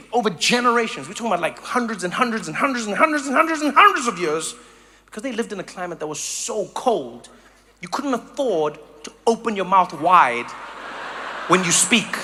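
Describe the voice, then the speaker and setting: A man from Africa, doing a stand-up comedy set with animated storytelling that slips into mock voices. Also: high-pitched. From South Africa.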